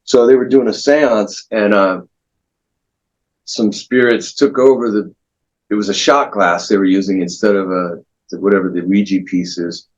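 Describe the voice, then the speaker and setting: A man with a low, husky voice tells studio stories in an unhurried, rambling way, restarting his sentences often. The sound is dull and lo-fi, like a remote call. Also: fairly even intonation. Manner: rambling, anecdotal, many restarts. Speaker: guitarist guest. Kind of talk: relaxed storytelling interview.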